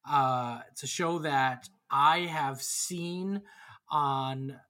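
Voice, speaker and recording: A man's voice: mid-range voice, extremely slow, pushed and bright. Male host, casual group chat, rambles and fills gaps with ums. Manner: rambling, many fillers. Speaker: podcast host.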